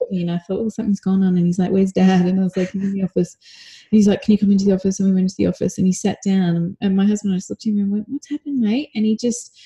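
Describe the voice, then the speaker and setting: A woman's voice: medium pitch, little pitch movement, racing, mellow, breathy edge. A middle-aged woman who teaches about parenting, telling stories in casual podcast talk and reflecting as she goes, with many fillers. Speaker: parenting educator.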